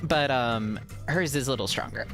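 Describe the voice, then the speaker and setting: A woman's voice: rumbling low, moderate pace, gravelly, over music. A woman with a Mid-Atlantic American accent touched by Baltimore, chatting casually on stream while gaming and rambling as she answers chat.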